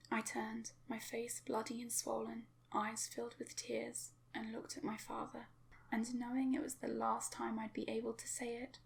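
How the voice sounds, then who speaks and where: Hushed whispery young woman reading a creepy story, gravelly, kinda higher pitched, slight cough. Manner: hushed, often whispered, steady narration. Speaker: fanfiction reader. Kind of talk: first-person horror story reading.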